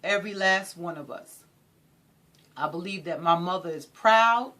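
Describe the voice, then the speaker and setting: A woman giving an inspirational talk in an animated, preacherly way, repeating phrases for emphasis. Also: on the low side, unhurried. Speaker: motivational speaker.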